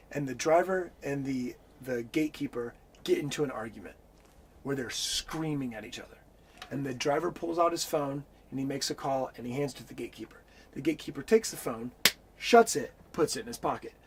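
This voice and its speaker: Male interview guest, casual storyteller, animated and profane, light faint background noise. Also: medium pitch, brisk. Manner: animated, swears freely, acts out the voices in his story.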